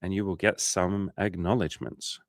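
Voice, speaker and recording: A man's voice: deep voice, steady tone, normal speed, no room sound, clean studio sound. An Australian man, a dating coach, chatting casually on a livestream, swearing often and acting out little scenes.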